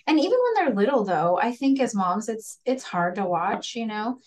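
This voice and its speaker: A woman guest on a podcast talks candidly and earnestly about raising children in a conversational chat, laughing often and acting out her child's words and her own. Her voice is fairly high, sing-song and darkish at normal speed, sitting a bit far from the mic.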